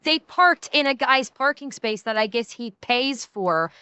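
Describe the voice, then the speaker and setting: High, bright-voiced woman, slow and blunt. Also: animated, smooth, no echo, dull audio. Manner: blunt, swears freely, quick reactions. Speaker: streamer host. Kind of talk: casual chat.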